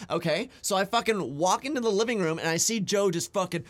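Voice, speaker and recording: A young man co-hosting a podcast, telling stories in a profane, excitable way while reacting to videos. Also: sits high, quick pace. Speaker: podcast co-host. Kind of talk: casual chat reacting to videos.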